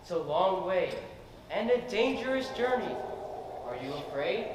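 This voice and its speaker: An ancient, mighty north wind speaks in a stern, commanding way, played by a man on stage. His fairly high voice comes from afar through a long, echoing theater hall. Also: lively intonation, unhurried. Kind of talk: stage play acting. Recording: distant, echoey theater hall.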